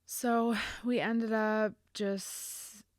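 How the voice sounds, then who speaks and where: A woman hosting a podcast, telling a personal story in an earnest, reflective way, pausing on fillers and dropping to a near-whisper at sad points. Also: medium pitch, little pitch movement, darkish tone, dry recording, clean studio sound. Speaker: podcast host.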